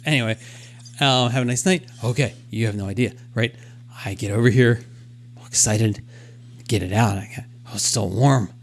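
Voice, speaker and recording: A man's voice: on the low side, fairly even intonation, moderate pace, pauses often. A man co-hosting a podcast, telling a self-deprecating story in casual chat and acting out his own thoughts as he goes. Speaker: podcast co-host.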